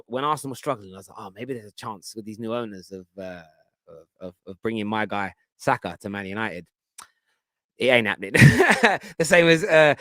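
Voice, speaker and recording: A man's voice: mid-range voice, a bit bright, smooth, dry recording, clean studio sound. An English man with a London Cockney accent, hosting a football fan show and chatting casually through viewer comments. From England. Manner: chatty, jokey, stumbles over words. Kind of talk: casual live-stream chat reading comments.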